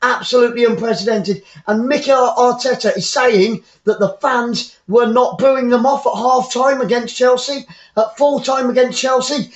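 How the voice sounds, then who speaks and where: A high-pitched man calls a football match live as a fan commentator, blunt and opinionated, often repeating himself. His voice rings in an echoey room. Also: fairly even intonation, moderate pace, muffled recording.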